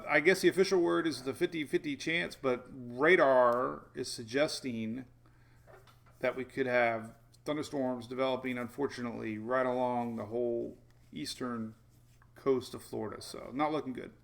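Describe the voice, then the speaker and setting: A man's voice: medium pitch, fairly even intonation, unhurried, vocal fry, a bit bright. A man hosting a casual weather livestream, rambling through forecast maps, chuckling and answering viewers' chat. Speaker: weather show host.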